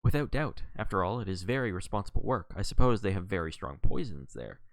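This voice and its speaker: A shrewd, fussy little detective who pries with pointed questions, as a man reads him aloud. The voice sits low with a creaky, gravelly edge yet moves in lively swoops. The sound is close and dry. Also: brisk, no room sound. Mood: probing. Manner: probing, inquisitive questions.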